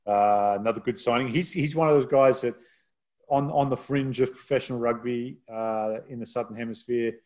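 A man's voice: mid-range voice, normal speed, darkish tone. A man who calls rugby games, spinning a casual story for a podcast. He talks in a chatty, self-deprecating way, in a mid-range voice. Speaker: rugby broadcaster.

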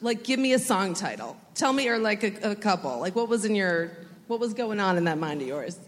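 A woman's voice: mid-range voice, lively intonation, fairly quick. Chatty woman moderator in an echoing hall. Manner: chatty, asks questions. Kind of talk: panel moderation. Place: large hall. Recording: echoey hall.

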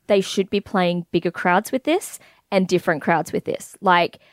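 A woman's voice: lowish voice, moderate pace, dry recording, studio quality. A woman co-hosting a podcast, chatting about music in a bubbly, gushing way with lots of fillers. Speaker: podcast co-host. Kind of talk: casual music chat.

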